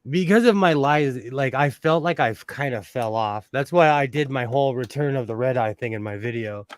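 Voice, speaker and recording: A man's voice: medium pitch, expressive, normal speed, clean tone, no room sound. A man hosting a sewing livestream, chatting casually, laughing often and greeting viewers by name.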